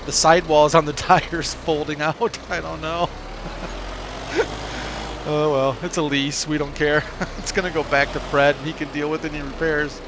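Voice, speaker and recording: A man's voice: fairly high pitch, level tone, moderate pace. A man casually commenting as he plays a farming game, musing aloud and laughing to himself. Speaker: let's play host. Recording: game engine noise behind voice. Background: tractor and engine sounds from the game.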